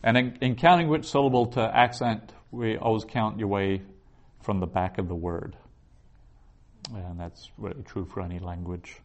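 A man with a fairly low voice gives a patient classroom lecture. He explains step by step and sounds out each Hebrew word slowly and carefully. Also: steady tone. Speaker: Biblical Hebrew teacher.

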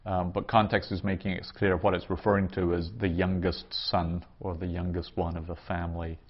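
Guy teaching hebrew grammar to a class, lowish voice, kinda dull lo-fi recording. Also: flat delivery. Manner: explains patiently, sounds out words slowly. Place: classroom around a table.

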